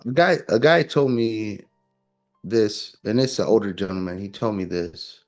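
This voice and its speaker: A man's voice: fairly low pitch, a little slow, faint music behind. A man talking casually and emphatically, lecturing with rhetorical questions. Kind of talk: casual opinion talk.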